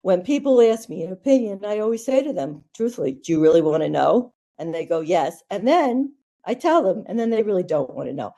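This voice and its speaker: A woman's voice: mid-range voice, animated, fairly quick, warm tone. A woman, a nurse talking candidly as a podcast guest, blunt and rambling with fillers. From United States. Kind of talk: candid conversational storytelling.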